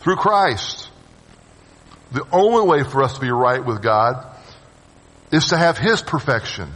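A man preaching a sermon to his congregation. His voice swings from loud urging to hushed, low phrases, and he calls on the listeners to answer him. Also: lively intonation, unhurried. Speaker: pastor. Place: church sanctuary with long reverb. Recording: reverberant church hall sound.

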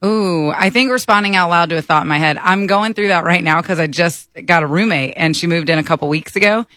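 A woman's voice: fairly low pitch, brisk, fairly bright tone, no echo. Giggly woman on a radio show. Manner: giggly, playful. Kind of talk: casual radio banter.

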